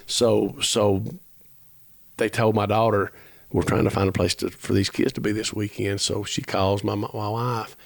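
A man's voice: on the low side, flat delivery, unhurried, creaky, dry recording. A man, telling a long personal story as a podcast guest, earnest and rambling, acting out the dialogue as he goes. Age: 50s. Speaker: musician guest.

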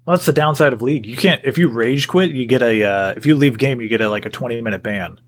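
A man's voice: medium pitch, quick pace. A man co-hosting a casual podcast, easygoing, laughing often, with many fillers. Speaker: podcast co-host. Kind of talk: casual chat.

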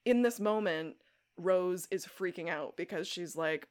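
A woman's voice: fairly low pitch, unhurried. A woman co-hosting a podcast, recapping a TV episode in casual chat, swearing freely and acting out the characters' lines. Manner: animated, swears, acts out quotes. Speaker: podcast co-host.

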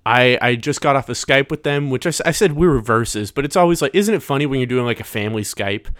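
A man's voice: medium pitch, expressive, quick pace, a bit bright, no echo, studio quality. Rambling, jokey male podcast host. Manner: rambling and jokey, with many restarts. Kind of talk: solo podcast chat. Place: bedroom. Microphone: close podcast microphone.

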